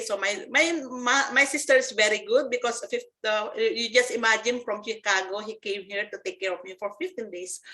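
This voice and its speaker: A woman, giving a personal testimony as a network marketing presenter, earnest and halting with frequent restarts. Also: a little high, fairly bright tone, rough recording. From Philippines.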